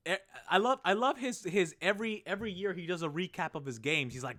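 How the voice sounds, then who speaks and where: A young man streaming live, chatting loosely with viewers in an excitable, rambling way and swearing freely. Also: a little high, fast talker, few pauses. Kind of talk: casual live-stream chat.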